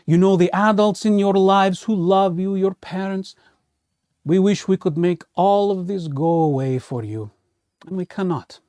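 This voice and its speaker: A man's voice: high voice, measured pace, mellow, no room sound, studio quality. A man hosting a children's storytime as a playful vampire count, reading a picture book aloud. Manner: playful, theatrical vampire host. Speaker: children's librarian playing a vampire count host.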